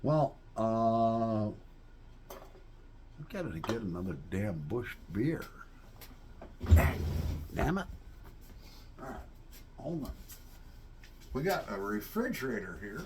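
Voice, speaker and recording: A man's voice: on the low side, big pitch swings, takes it slowly, pauses often, darkish tone, slight background noise. A man in a folksy, rambling casual chat to viewers, often tossing in "all right?" asides. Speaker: vlogger.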